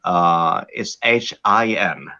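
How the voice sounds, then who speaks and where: A man's voice: deep voice, slow pace, bright, forceful tone, muffled recording. A Swedish man speaking English with a Swedish accent, chatting casually on a podcast with many fillers and restarts. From Sweden. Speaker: guest.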